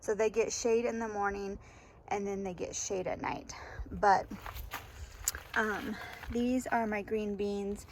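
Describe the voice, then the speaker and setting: A woman's voice: mid-range voice, fairly even intonation, slow, long pauses, slight background noise. A woman vlogging casually as she tours her garden, chatty and laughing often, with many ums. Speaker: homestead vlogger. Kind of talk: casual garden tour vlog. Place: outdoor garden.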